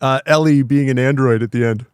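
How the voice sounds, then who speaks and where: A man's voice: medium pitch, steady tone, a little fast, clean tone, no echo, clean studio sound. A man co-hosting a casual horror film podcast, blunt and wry in his remarks. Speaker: podcast co-host.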